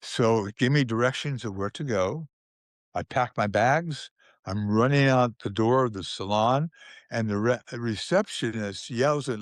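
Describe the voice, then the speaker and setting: An older man, a guest in an interview, tells stories from his past at a slow, easy pace. He often restarts a phrase and chuckles softly. His voice sits in a middle register and is recorded close and dry, with no room sound. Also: medium pitch, no room sound. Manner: unhurried storyteller, with frequent restarts and chuckles. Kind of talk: telling anecdotes in a conversational interview.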